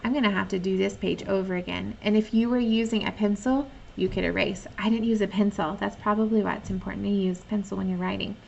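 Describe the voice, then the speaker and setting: A woman teaching young children online, patiently thinking out loud as she checks and fixes her own writing. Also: medium pitch, fairly even intonation, highs cut off, a little hiss or hum. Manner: reads sample sentences slowly and clearly.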